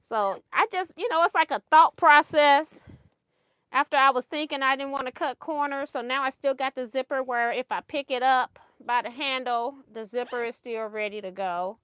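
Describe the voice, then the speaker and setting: A woman's voice: on the high side, fairly bright tone, clear, resonant tone, dry recording, clean studio sound. A woman hosting a casual sewing livestream, chatty and laughing often as she thinks aloud over her project.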